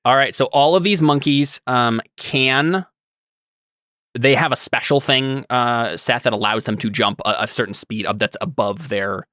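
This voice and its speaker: A man running a tabletop role-playing game as game master, talking casually with many fillers and quick laughs. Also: mid-range voice, sharp tone, no echo, studio quality. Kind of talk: narrating a tabletop game over a stream.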